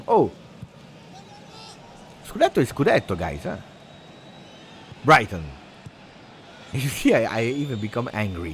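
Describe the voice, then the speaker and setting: Excitable man calling a match. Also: mid-range voice, a little hiss or hum. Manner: excitable, shouts at big moments, drops Italian words. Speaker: football fan streamer. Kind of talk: live match watch-along commentary.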